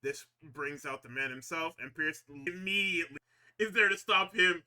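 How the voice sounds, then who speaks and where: A man with a fairly high voice, speaking at normal speed, gives a relaxed, profane wrestling recap on a podcast. He often laughs, gets excited, and reenacts lines from the wrestlers.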